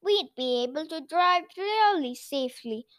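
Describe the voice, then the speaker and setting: Lady doing a sneaky goblin trying to talk someone into a swap, bright high voice. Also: animated, unhurried. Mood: wheedling. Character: wheedling scheming male goblin.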